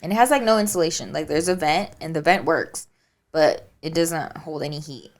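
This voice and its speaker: A woman co-hosting a podcast, chatting casually with a friend and telling animated stories full of acted-out quotes. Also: a little fast. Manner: animated storyteller, acts out quotes with high shrieks and laughter. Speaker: podcast co-host. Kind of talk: casual chat between friends.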